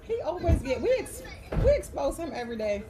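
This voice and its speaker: A woman's voice: high-pitched, big pitch swings, fairly quick, a crowd in the background. A woman co-hosting a podcast, teasing the others with playful ribbing. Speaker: podcast co-host. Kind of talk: casual chat. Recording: noisy line with clicks.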